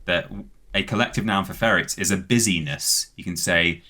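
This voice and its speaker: A man's voice: sits low, moderate pace, sharp tone. A British man co-hosting a podcast, casually reading out facts at length with many "um"s and words spelled letter by letter. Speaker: podcast co-host.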